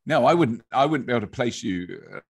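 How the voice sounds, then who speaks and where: Husky-voiced English man telling stories. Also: medium pitch, animated, fast talker. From England. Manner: chatty storyteller, frequent restarts and laughs. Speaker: guest. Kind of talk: casual conversation.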